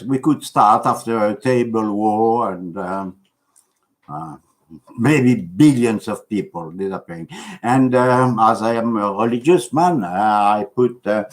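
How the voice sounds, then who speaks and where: A man with a non-native English accent giving an earnest, preachy, rambling monologue to his video audience, halting and full of fillers. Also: lowish voice. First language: not English. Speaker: religious video blogger.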